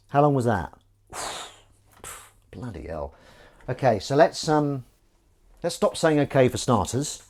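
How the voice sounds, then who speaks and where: A man's voice: medium pitch, very animated, a little slow, long pauses, darkish tone. A man hosting a live stream as he washes up, rambling and joking at his own expense and swearing casually. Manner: jokey, self-mocking, chatty, swears casually. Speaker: livestream host. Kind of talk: rambling live-stream chat while washing up.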